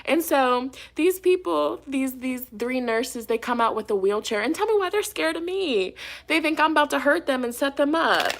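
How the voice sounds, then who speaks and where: A woman's voice: high-pitched, lively intonation, normal speed. A woman hosting her tarot channel, telling a personal story to camera in a casual, emphatic way and swearing freely. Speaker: tarot reader and channel host.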